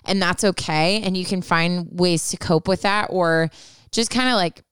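Chatty woman giving advice, low and smooth. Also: normal speed, a bit bright, no echo, studio quality. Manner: chatty, lots of "like" fillers, reassuring. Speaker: podcast co-host giving advice. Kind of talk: casual advice chat.

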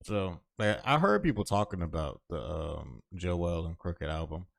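A man's voice: deep voice, expressive, measured pace, vocal fry, no echo. A man hosting a podcast, talking in a laid-back casual way with dry humor. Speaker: podcast host. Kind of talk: casual chat.

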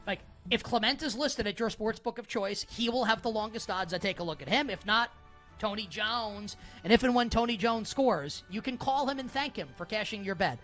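A man's voice: sits high, moderate pace, a bit bright, soft background music. A man hosting a sports betting talk show, rambling casually with lots of "like" and playfully calling himself by a mock-royal title. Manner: playful mock-regal self-reference, rambling with frequent "like". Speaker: sports betting radio host.

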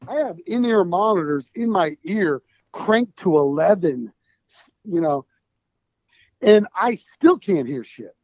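A man's voice: high voice, animated, takes it slowly, no echo, muffled recording. A man being interviewed as a band founder, talking in a rambling, emphatic way with plenty of swearing. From United States. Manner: rambling, emphatic and profane, with restarts. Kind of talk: casual podcast interview.

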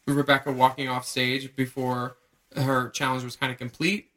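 A man co-hosting a podcast, tossing in jokes and quick quips. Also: medium pitch, flat delivery, fairly bright tone. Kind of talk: casual chat.

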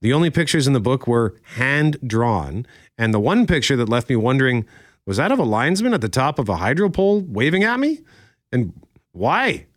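A man co-hosting a morning radio show, his pitch rising and falling in an animated way. He chats casually and reads listener letters with little asides. The studio sound is dry and close. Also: moderate pace, no echo. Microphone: studio microphone.

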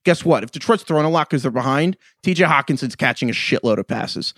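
Man, mid pitch, podcast co-host, animated and exasperated, dry close sound. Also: fast talker, no echo. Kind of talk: casual podcast chat.

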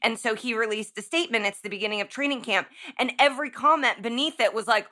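Woman, high voice, bright tone, profane laughing rant, casual podcast chat. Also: quick pace.

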